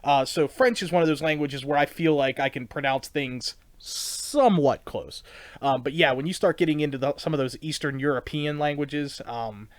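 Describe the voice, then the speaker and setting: A man's voice: a little high, normal speed, no echo. A man hosting a podcast interview, rambling casually with lots of fillers. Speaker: podcast host. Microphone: own recorder.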